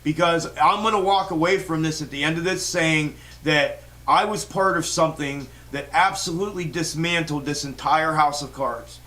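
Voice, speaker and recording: A man's voice: on the high side, moderate pace, few pauses, bright, forceful tone, rough recording. Fired-up man streaming stock talk. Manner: fired-up, rambling, profane, many restarts and fillers. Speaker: stock market livestream host. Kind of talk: casual livestream chat reading viewer comments.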